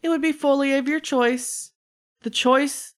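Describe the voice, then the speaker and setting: A woman voicing a mischievous male trickster spirit who talks in a playful, drawn-out, chatty way. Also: sits high, fairly even intonation, pitched above the performer's own voice. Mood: coaxing. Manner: teasing, drawn-out, chatty with trailing fillers.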